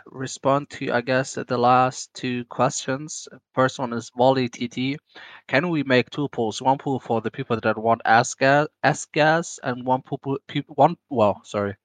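A man with a German accent hosting a casual online Q&A, speaking haltingly with many restarts and self-corrections. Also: mid-range voice, no echo. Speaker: AMA host.

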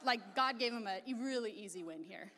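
Her sermon is laid-back and conversational, full of asides and fillers, recorded amid a large hall's long reverb with a little hiss or hum. She speaks at a moderate pace, medium in pitch, with lively intonation and a sharp tone.

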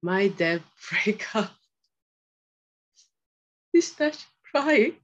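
Slow-spoken woman guest, lo-fi sound. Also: mid-range voice, lively intonation. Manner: halting, reflective, with repeated phrases and non-native grammar. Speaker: podcast guest. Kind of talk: emotional personal storytelling.

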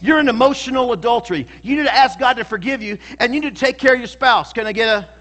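A man's voice: very high-pitched, quick pace, a bit bright. A male pastor preaching a sermon in a church, emphatic and calling out to the congregation for responses.

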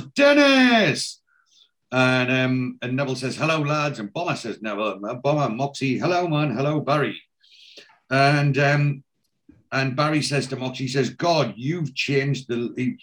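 Retelling a TV episode scene by scene on his casual podcast, a man slips into the characters' dialogue without really changing his voice, with lots of ums and restarts. He speaks at medium pitch and a moderate pace.

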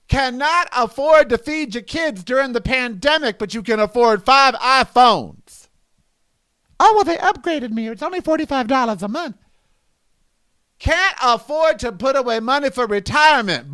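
A middle-aged man holds forth on his solo podcast in a sassy, exasperated rant, his high voice swooping through a wide, lively range. The sound is dry and close, with no room around it. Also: no echo. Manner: sassy, exasperated ranting with rhetorical questions. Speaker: podcast host.

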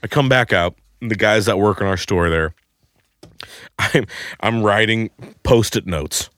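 Crude, animated man telling a story. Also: fairly low pitch, normal speed, no echo, clean studio sound. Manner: crude, animated, shouts quoted lines. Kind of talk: comedic storytelling.

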